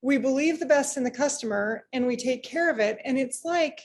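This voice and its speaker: A woman business owner chatting in an interview, animated, acting out what people said, with frequent restarts. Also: high-pitched, a little fast, slight background noise. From United States. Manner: animated, acts out quoted remarks, frequent restarts. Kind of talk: casual interview conversation.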